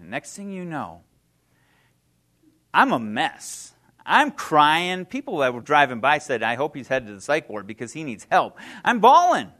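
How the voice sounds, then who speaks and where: Fifties male guest speaker, mid-pitched, heartfelt plainspoken testimony. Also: bright, forceful tone. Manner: earnest, heartfelt storytelling, emotional; plain conversational phrasing with fillers. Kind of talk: personal testimony speech.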